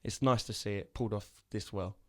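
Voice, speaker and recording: A man's voice: lowish voice, fairly even intonation, a little fast, darkish tone. A man co-hosting a casual film podcast, retelling scenes and acting out the lines. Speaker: podcast co-host. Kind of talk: casual film review chat.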